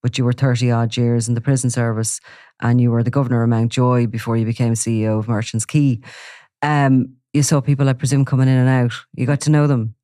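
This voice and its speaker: A man conducting an interview, recorded dry and close with no room sound. His voice sits at a middle pitch. He asks probing questions and sums up what his guest says. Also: level tone, fairly quick, warm tone, dry recording. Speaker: interviewer, podcast host. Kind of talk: conversational interview.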